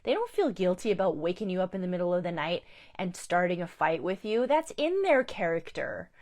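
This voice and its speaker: A woman's voice: lowish voice, big pitch swings, fairly quick, darkish tone. A woman life coach giving a candid, emphatic live talk, repeating her key points. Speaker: life coach and survivor advocate.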